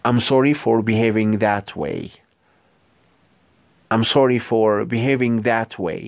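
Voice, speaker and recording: Ethiopian man slowly modeling English phrases. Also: fairly low pitch, no echo. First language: Amharic. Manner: slow, careful repetition of model phrases. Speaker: English teacher. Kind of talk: language lesson.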